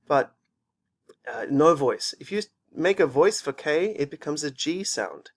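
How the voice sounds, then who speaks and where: A man's voice: medium pitch, animated, slow pace. A man teaching an English pronunciation lesson, patiently repeating words for students to copy. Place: teaching in Japan.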